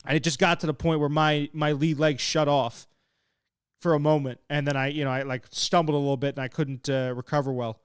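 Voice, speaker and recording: Young guy hosting a fight watch-along, slightly high voice, smooth and dry close sound, loose and excitable. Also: fairly quick, dry recording. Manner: excitable and laid-back, swearing, laughing at chat. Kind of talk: casual live commentary while reading chat.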